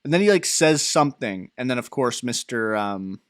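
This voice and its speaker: A young man in his twenties co-hosting a podcast, telling rambling, animated stories with fillers and laughs. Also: mid-range voice, moderate pace, dry recording, clean studio sound. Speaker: podcast co-host. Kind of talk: casual chat.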